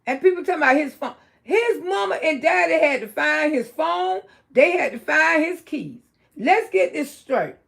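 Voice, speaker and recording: Gravelly blunt Southern woman on a livestream. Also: expressive, moderate pace. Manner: outspoken, blunt, swings from low murmur to loud exclaiming. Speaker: livestream host. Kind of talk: casual livestream commentary.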